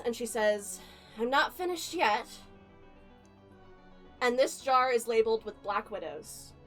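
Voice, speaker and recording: A woman narrating a spooky tabletop game as game master, telling it slowly and deliberately with suspenseful pauses. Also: a little high, a bit bright. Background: faint background music.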